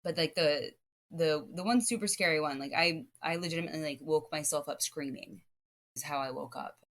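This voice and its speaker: Low-voiced woman telling rambling stories. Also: fairly quick. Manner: lively, rambling storytelling full of "like" and restarts. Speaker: podcast guest, academic. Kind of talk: casual podcast chat.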